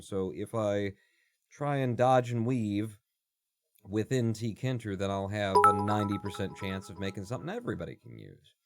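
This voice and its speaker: A man's voice: lowish voice, darkish tone, no echo. Rambling, joking male streamer, dry sound. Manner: rambling, joking, self-interrupting. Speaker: live streamer. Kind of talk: casual live-stream chat while coding.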